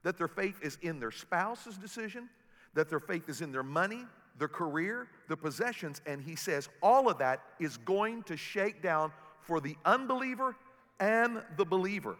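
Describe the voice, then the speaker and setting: Bright-voiced preacher in a big hall. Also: male voice, sits high, normal speed. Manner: animated storytelling preacher with humor. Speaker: pastor. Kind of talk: sermon. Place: large auditorium.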